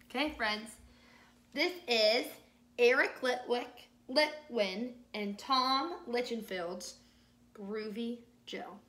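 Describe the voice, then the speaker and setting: A woman music teacher reading a picture book aloud to young children, slow and exaggerated, with encouraging praise, sung bits and shifts between whispers and loud parts. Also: a little high, reverberant. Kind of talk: children's storytime read-aloud and music lesson.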